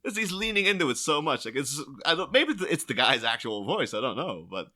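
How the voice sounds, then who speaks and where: A man co-hosting a casual podcast chat, animated and laughing as he acts out quotes in silly voices. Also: a little high, a little fast. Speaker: podcast co-host.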